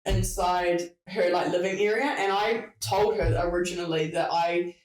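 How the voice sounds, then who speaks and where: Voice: medium pitch, fairly even intonation, normal speed. A podcast host telling a work story in casual chat, swearing freely and acting out the dialogue. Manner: chatty, swears freely, acts out quoted dialogue. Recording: roomy, distant mic.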